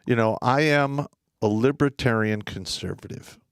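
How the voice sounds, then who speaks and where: A man's voice: mid-range voice, moderate pace, clean tone, no echo. Blunt, profane man on a dry mic. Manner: blunt, profane, stammering restarts. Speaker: livestream co-host. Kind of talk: casual political chat.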